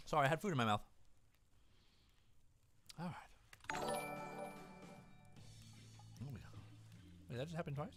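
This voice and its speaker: A man's voice: fairly high pitch, lively intonation, unhurried, pauses often, a bit bright, soft background music. A man streaming a game, chatting animatedly with viewers and reading game lines aloud. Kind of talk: live game stream commentary.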